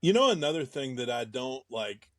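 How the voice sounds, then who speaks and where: A young American man chatting on a podcast, his talk rambling and full of restarts. His voice sits at a middle pitch. It is recorded dry and close, with no room sound. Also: big pitch swings, fairly bright tone, dry recording. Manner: rambling, halting, laughs often. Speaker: podcast co-host. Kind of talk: casual chat.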